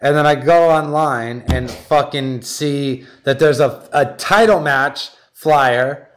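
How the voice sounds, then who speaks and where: Profane, animated man ranting on a stream. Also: fairly high pitch, slow. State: high. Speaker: battle rap league host. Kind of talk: live-stream talk and announcement.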